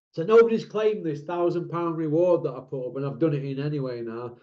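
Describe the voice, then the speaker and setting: A man's voice: on the high side, brisk, few pauses. A man hosting a boxing talk channel, blunt and mocking, asking rhetorical questions in a casual monologue. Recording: echoey room, dull lo-fi sound.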